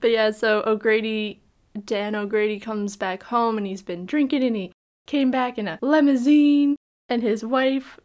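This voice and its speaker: A fairly high-voiced woman chats casually through a film review podcast. She is animated and often slips into acting out lines from scenes. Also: measured pace. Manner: animated, acts out quotes from scenes. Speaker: podcast co-host.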